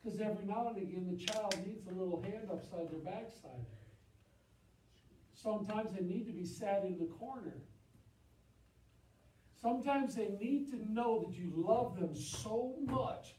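A man preaching a sermon in a church, impassioned, swinging from loud emphatic peaks to low confiding asides. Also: unhurried, echoey room, distant mic, slight background noise, rough recording. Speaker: pastor. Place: church sanctuary.

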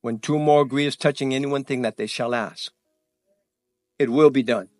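A man pastor giving church announcements before his sermon, animated and excited, tripping over his words and laughing at himself. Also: medium pitch, a little fast, faint music behind. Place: church sanctuary.

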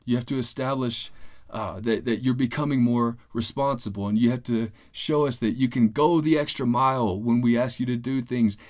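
A man's voice: mid-range voice, moderate pace, darkish tone. A man preaching a sermon in an earnest, conversational way, often repeating words as he goes. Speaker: pastor.

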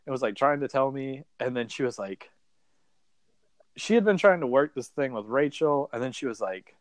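A man's voice: medium pitch, lively intonation, fast talker, dry recording. A man, a former contestant, telling a rambling story in a casual interview, filling his speech with "like" and acting out what people said. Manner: rambling, fills speech with "like", acts out quoted dialogue.

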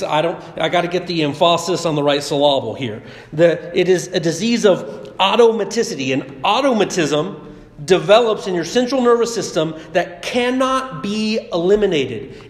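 Brief: male preacher, light high voice, relaxed storytelling sermon, big reverberant hall. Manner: conversational and chatty, with personal stories. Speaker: pastor.

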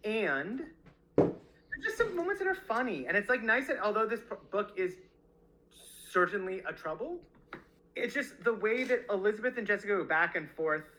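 A man's voice: high voice, big pitch swings, moderate pace, sharp tone, a little hiss or hum, low-quality recording. A man co-hosting a book discussion podcast, talking reflectively and reading quotes aloud. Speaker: podcast co-host.

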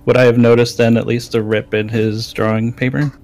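A man's voice: mid-range voice, little pitch movement, brisk, darkish tone. A man playing a tabletop game, asking polite and careful questions. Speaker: player. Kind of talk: casual tabletop play.

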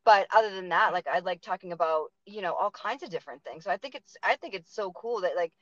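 A woman's voice: on the low side, animated, fast talker, no echo, lo-fi sound. A woman with a Boston accent hosting a casual interview, talking chattily with lots of fillers. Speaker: podcast host.

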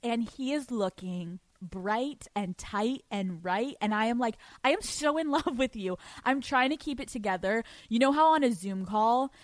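A young woman hosts her podcast in a casual storytelling monologue, giddy and profane, laughing often. Her voice sits a little high. The sound is dry and close. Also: animated, normal speed, few pauses, no room sound. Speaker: podcast host.

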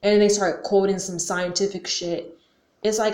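A woman's voice: mid-range voice, steady tone, normal speed, darkish tone. A young woman talking casually to camera as a vlogger, slangy and full of questions, often saying "like" and cursing now and then. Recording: roomy echo.

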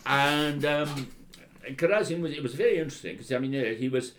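A man's voice: fairly high pitch, brisk, a bit bright. A man, a historian and author, telling anecdotes in an interview, hesitant with many fillers and restarts, and wryly amused. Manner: hesitant, full of ums and restarts, wry.

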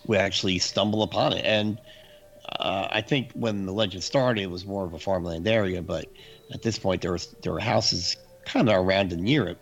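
Man with a gravelly, lowish voice; animated storyteller who laughs and mimics screaming; faint music underneath. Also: highs cut off. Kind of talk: casual storytelling.

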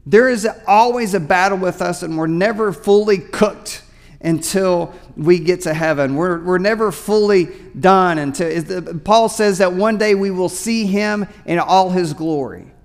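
A man's voice: sits high, unhurried, big-room sound. A man preaching a sermon as pastor, talking conversationally and often repeating his words mid-sentence. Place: church sanctuary.

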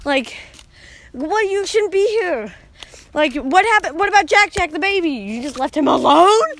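A woman putting on the voice of a panicked mother scolding her kids, shrill and exasperated. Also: lively intonation, fairly bright tone, exaggerated voice. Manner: shrill, exasperated, rapid questions.

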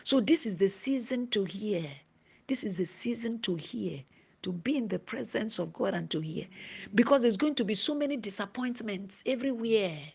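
A woman preaching a sermon, dropping to a hushed whisper at times and rising to emphasis. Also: medium pitch, animated, normal speed, creaky, breathy edge.

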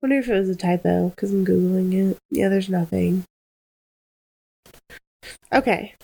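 A tired, yawning woman in a casual chat, reading quotes aloud in an easygoing, deliberate way. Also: mid-range voice, creaky, warm tone, breathy edge, poor audio.

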